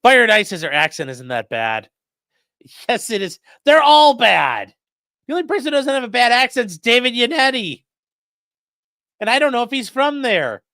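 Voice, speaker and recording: A male host giving livestream commentary in an animated, sarcastic way, reacting to clips and reading chat aloud. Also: very high-pitched, brisk, no echo, studio quality.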